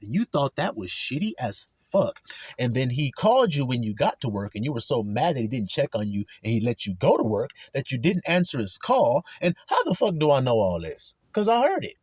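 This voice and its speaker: A man's voice: medium pitch, darkish tone, slightly rough, dry recording. A man preaching a blunt, profane religious monologue with heavy cursing. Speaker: religious speaker.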